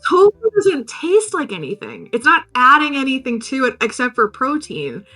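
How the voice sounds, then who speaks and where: A woman hosting a podcast, recapping a film in a casual, sweary, animated way. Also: high voice, moderate pace. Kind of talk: casual chat.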